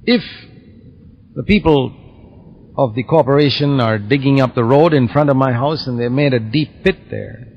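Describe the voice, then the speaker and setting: A man teaching a Bible lesson in a measured, explanatory way, using everyday illustrations. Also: a little high. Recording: slightly dull audio, faint background hiss.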